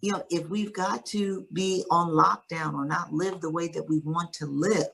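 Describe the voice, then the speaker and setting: A woman's voice: on the low side, fairly even intonation, normal speed, creaky, hardly any pauses, fairly bright tone, a little hiss or hum, rough recording. A woman guest author telling a personal story in an interview, earnest and emphatic.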